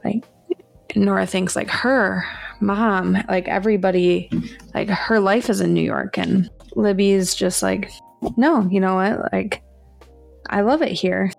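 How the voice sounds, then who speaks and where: A woman's voice: medium pitch, measured pace, vocal fry, soft background music. A woman co-hosting a podcast, retelling a novel's plot in a chatty, filler-heavy way. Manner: chatty recap full of fillers. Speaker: podcast co-host. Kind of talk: casual book-club chat.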